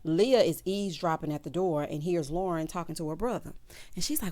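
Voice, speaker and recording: A woman casually recapping a TV episode, sassy and animated, acting out the characters' lines. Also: fairly low pitch, a little fast, no room sound. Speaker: recap vlogger.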